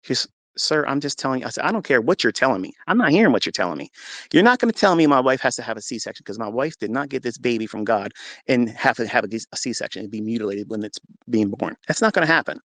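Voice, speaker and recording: Gravelly man telling a personal testimony. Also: mid-range voice, lively intonation, quick pace, a bit bright, no echo. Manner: earnest storytelling, reenacting his own past words; religious. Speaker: trading mentor. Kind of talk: personal testimony told to an audio-chat audience.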